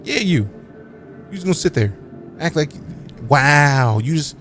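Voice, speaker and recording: A man's voice: a little high, lively intonation, a little fast, soft background music. A man live-streaming a game, chatting casually with his viewers and joking around with playful, mock-offended trash talk full of slang.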